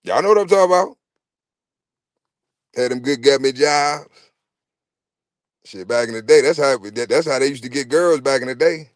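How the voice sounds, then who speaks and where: A man, hosting a podcast in a casual, profane rant. He is animated, repeats himself and stumbles over words. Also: medium pitch, moderate pace, long pauses, no room sound, clean studio sound. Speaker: podcast host. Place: podcast studio.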